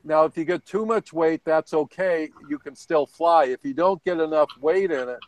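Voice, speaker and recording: A man's voice: a little high, normal speed, no room sound, low-quality recording. A man on a video call, chatting casually and rambling through anecdotes with chuckles. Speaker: guest on a hobby video hangout. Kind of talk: casual storytelling chat.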